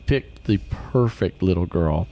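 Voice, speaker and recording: Lively storytelling man, lowish voice. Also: a little slow. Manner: animated storyteller, acts out quotes with big pitch jumps. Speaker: podcast host. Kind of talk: casual chat.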